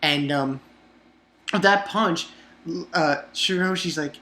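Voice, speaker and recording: A man's voice: fairly high pitch, slow pace, long pauses, bright, forceful tone. A man casually recapping an anime episode in a loose, rambling way, swearing often and stumbling over his words. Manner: profane, rambling with many restarts and fillers.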